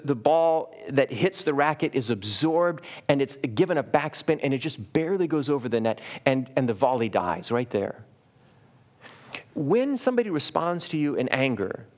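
A man preaching a sermon as pastor of a church live stream. He speaks earnestly, restarts and repeats words often, and slows down and softens on key phrases. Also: a little high.

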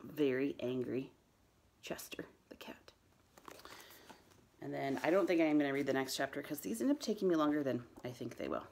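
A woman, a school librarian, reading a chapter book aloud to students, her voice jumping high for the children's lines. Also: expressive, moderate pace, creaky, pauses often, darkish tone, slight background noise.

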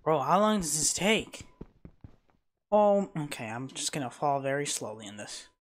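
Excitable young-sounding male gamer. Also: a little high, moderate pace. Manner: excitable, reacts loudly to the game. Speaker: gaming streamer. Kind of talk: casual let's-play commentary.

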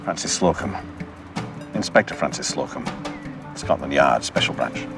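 An actor playing a sly British male police inspector with a smug, low-key manner and a British accent, over TV drama music. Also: expressive, normal speed, gravelly, exaggerated voice. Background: film score music.

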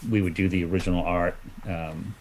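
A man's voice: low voice, fairly even intonation, fairly quick, slight background noise, low-quality recording. A man talking as a guest comic artist in a casual chat, rambling through memories with lots of fillers and restarts.

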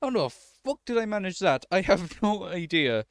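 A man's voice: high voice, expressive, normal speed, smooth, dry recording, clean studio sound. A man doing let's-play commentary, swearing and breaking into frustrated outbursts at the game.

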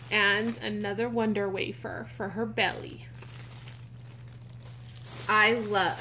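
A woman vlogger chatting casually and gushing excitedly while she opens a box of baby items. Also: medium pitch, slight background noise. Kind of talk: casual unboxing chat.

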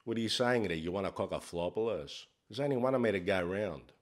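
A man's voice: lowish voice, fast talker, close to an everyday voice. A man playing a brash, crude life coach, swearing in a swaggering, mock-profound comic monologue. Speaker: comedy character host.

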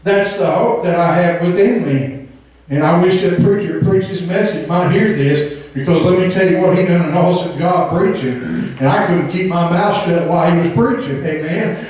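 A Southern Indiana preacher delivers a fervent, emphatic sermon in a church sanctuary, sprinkling in amens and now and then singing a phrase. His voice is high for a man, with a darkish tone and a moderate pace. He's far from the mic, and the hall is very echoey.

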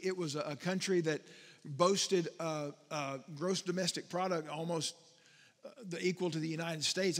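A middle-aged pastor from Texas preaching a conversational sermon, asking the congregation questions and drawing out key words slowly. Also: male voice, a little high, fairly bright tone. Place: church sanctuary. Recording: long church reverb.

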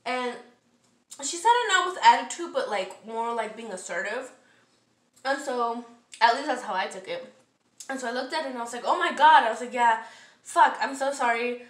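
A woman with a high, bright voice rants through a storytime, swearing constantly and sounding worn out and annoyed. She is a little way off the mic in an echoey kitchen. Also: moderate pace, pauses often, distant mic. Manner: heavy profanity, animated, exasperated. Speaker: vlogger. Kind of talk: casual storytime rant. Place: home kitchen, cooking.

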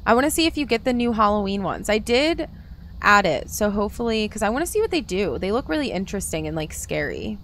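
Animated woman streamer chatting while gaming. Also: medium pitch, quick pace, slight background noise. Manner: chatty, animated, talks to viewers by name. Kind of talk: casual live-stream chat while gaming.

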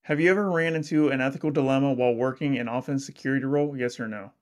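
A man's voice: medium pitch, steady tone, rapid-fire. A man hosting a casual interview, upbeat and chatty with plenty of "like" fillers. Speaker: podcast host.

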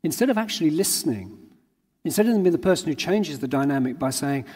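Male conference preacher, fairly high husky voice, earnest and anecdotal, long hall reverb. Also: lively intonation, fast talker, a little mellow. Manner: earnest, uses everyday anecdotes. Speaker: conference speaker. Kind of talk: sermon.

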